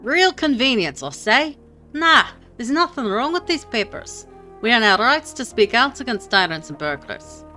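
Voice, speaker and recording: A woman putting on a gruff dwarf rabble-rouser. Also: on the high side, sing-song, moderate pace, bright, forceful tone, faint music behind, pitched above the performer's own voice. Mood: grumbling. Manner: gruff, bitter, with a put-on accent. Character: gruff grumbling male dwarf agitator.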